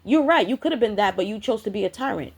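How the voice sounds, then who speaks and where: A woman's voice: medium pitch, lively intonation, quick pace, slightly rough. Woman, spiritual vlogger, profane confrontational rant. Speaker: spiritual content creator. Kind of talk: ranting vlog monologue.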